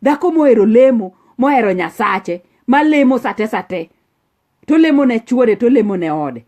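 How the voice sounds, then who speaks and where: A woman's voice: a little high, expressive, moderate pace, dark tone. A woman preaching a sermon, earnest and scolding, switching into English often.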